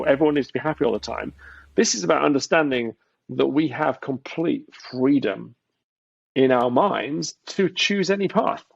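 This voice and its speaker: Gravelly, husky man telling a story. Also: a little high, no room sound. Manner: animated storytelling, acts out quoted voices. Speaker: guest entrepreneur. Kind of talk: casual interview chat. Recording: dry, dull lo-fi sound.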